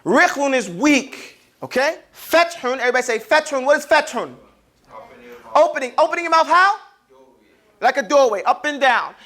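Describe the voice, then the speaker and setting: High-voiced man teaching pronunciation to a class. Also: lively intonation, moderate pace. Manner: calls on the class to repeat sounds after him; demonstrates sounds, sometimes loudly. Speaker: Arabic teacher. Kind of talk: classroom lesson on letter pronunciation.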